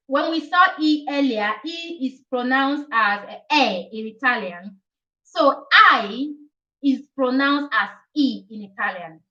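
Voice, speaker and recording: A young woman with a high, bright voice talks viewers through a lesson on a live stream. She repeats each point several times and keeps checking in with "okay?". The sound is a little dull and lo-fi, as from a webcam mic. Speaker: language teacher hosting a live chat.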